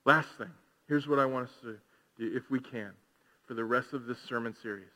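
A man preaching a sermon as pastor, swinging from hushed, slow passages to loud, fervent calls to the congregation. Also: medium pitch. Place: large church hall. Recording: long hall reverb.

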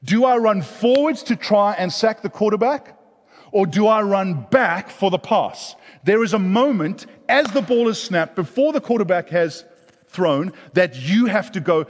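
A middle-aged man preaching a sermon, animated, rising loud and then dropping soft. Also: high voice, a little slow. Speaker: pastor. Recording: long hall reverb.

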